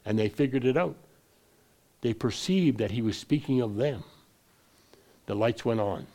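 A man's voice: mid-range voice, measured pace, warm tone. A man preaching a sermon, wandering and restarting his sentences, then pushing his voice up hard on the points he wants to land. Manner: digressive, frequent restarts, rising emphasis on key points.

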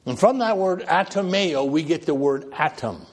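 Husky, dramatic male preacher. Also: expressive, moderate pace. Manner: dramatic, with wide swings in pitch and loudness; conversational asides and self-deprecating humor. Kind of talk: sermon.

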